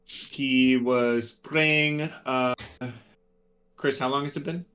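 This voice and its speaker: Male tabletop player, slow and hesitant delivery, bright voice, mock French accent. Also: medium pitch, fairly even intonation, clean tone. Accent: mock French put-on. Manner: slow, halting, with many pauses and fillers. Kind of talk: in-character play on a live stream.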